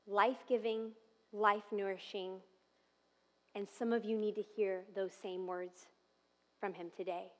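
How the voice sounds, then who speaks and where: A woman in her thirties preaching a sermon, telling family stories and dropping to soft, tender tones. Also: medium pitch, steady tone, unhurried, pauses often. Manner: warm storytelling with soft tender asides and laughs. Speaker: pastor. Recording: long reverb of a large hall.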